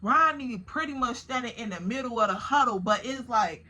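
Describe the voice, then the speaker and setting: A woman telling a story to her viewers in a casual, animated way, swearing freely and speaking straight to them. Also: a little high, moderate pace.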